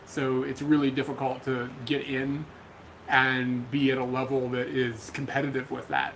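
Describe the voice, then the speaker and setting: Laid-back American man co-host, reads chat questions, mid-pitch, faint noise at home. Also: level tone, moderate pace, fairly bright tone, rough recording. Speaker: livestream co-host. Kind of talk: casual livestream chat. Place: home room.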